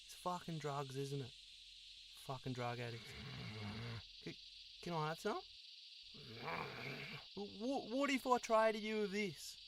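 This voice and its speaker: A man's voice: slow pace, long pauses, background noise. Man voicing sweary Aussie sasquatch, Sassy. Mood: eager. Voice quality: sweary, excitable, squeaky. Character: crude friendly Aussie male sasquatch. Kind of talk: cartoon voice acting.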